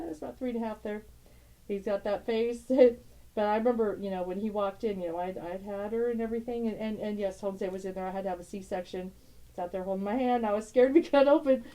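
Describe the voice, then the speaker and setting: Middle-aged woman vlogger, warm mellow tone, rambling, tender, quick to laugh. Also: mid-range voice, rough recording. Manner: rambling, tender, laughs often, broken-off sentences. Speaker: tarot channel host. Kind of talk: casual emotional vlog, showing family photos.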